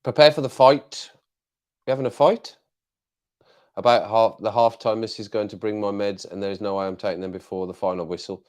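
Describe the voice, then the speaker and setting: A man's voice: on the low side, fairly even intonation, fairly quick, a little mellow. A man hosting a casual live chat, playful and chuckling often as he tries out phrases. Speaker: livestream host.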